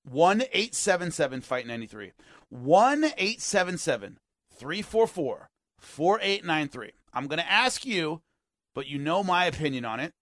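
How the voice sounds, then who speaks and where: A man hosting a sports talk radio show, ranting in an animated and exasperated way. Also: a little high, a little slow, no echo, studio quality.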